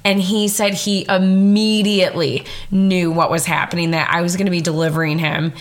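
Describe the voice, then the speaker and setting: A woman's voice: lowish voice, flat delivery, normal speed. A young woman hosting a podcast and telling a personal story in a chatty, emphatic way, laughing often and swearing casually. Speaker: podcast host.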